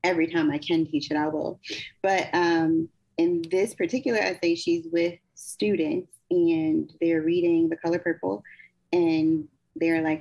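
Low gravelly woman, candid and laughing. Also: level tone, darkish tone. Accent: African American Vernacular English in the poem. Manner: candid, laughing easily, slow deliberate reading. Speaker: poet and guest. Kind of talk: casual conversation and poetry reading. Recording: dull lo-fi sound.

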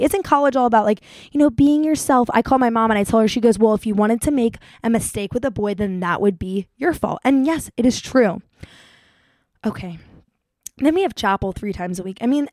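A woman's voice: medium pitch, dry recording. Chatty young woman telling a story. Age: young adult. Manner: chatty, animated, acts out quotes. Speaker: vlogger. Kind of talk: casual storytelling vlog.

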